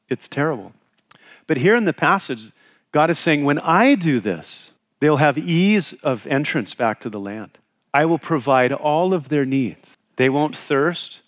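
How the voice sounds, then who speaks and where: A middle-aged man delivers a Bible teaching like a talk with friends, pausing to ask his listeners questions and circling back over his words. His voice sits at an ordinary middle pitch. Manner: conversational, asks the audience questions, repeats words. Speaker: pastor teaching a Bible passage. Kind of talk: expository sermon.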